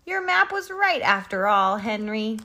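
A woman voicing an excitable flock of farm sheep, bleating and eager. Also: sits high, measured pace, pitched above the performer's own voice, exaggerated voice. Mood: excited.

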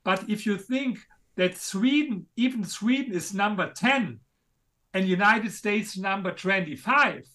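German accent guy, high bright voice, pushy and emphatic, stumbles on words sometimes. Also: expressive. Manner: emphatic, a bit halting, non-native grammar. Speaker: author and guest. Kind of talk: interview conversation.

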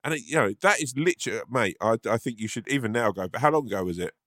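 A man's voice: mid-range voice, lively intonation, a bit bright, dry recording, studio quality. A man co-hosting a casual podcast, bantering and swearing, often incredulous. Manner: fast, incredulous, swears a lot. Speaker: podcast co-host.

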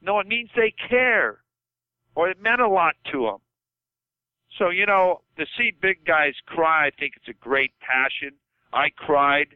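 Older male coach calling in by phone, earnest and heartfelt, crisp voice through a tinny line. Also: a little high, lively intonation, measured pace, dry recording. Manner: passionate, repeats himself, says okay. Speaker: football coach guest. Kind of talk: podcast phone-in chat.

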